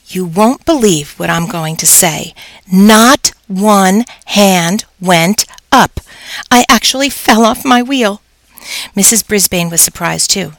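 A woman narrating a children's story aloud in first person, expressive and storytelling. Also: mid-range voice, slow pace, dry recording, poor audio. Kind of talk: audiobook narration.

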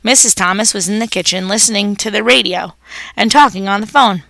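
A woman's voice: medium pitch, a little fast, creaky, fairly bright tone, no echo. A woman reading a children's story aloud, narrating expressively as a pet hamster.

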